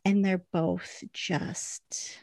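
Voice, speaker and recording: A woman co-hosting a podcast, retelling a TV episode in lively detail and acting out the lines. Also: on the low side, drawn-out words, dry recording. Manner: animated retelling, acting out dialogue. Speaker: podcast co-host recapping a TV episode. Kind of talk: casual chat.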